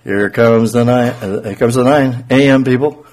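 A man's voice: mid-range voice, normal speed, a little mellow. A man preaching a conversational sermon, explaining scripture and asking his listeners rhetorical questions.

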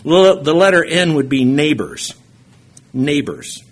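Husky man preacher, a touch high, lively storytelling sermon with sudden emphatic lifts. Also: takes it slowly. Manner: storytelling, animated bursts of emphasis.

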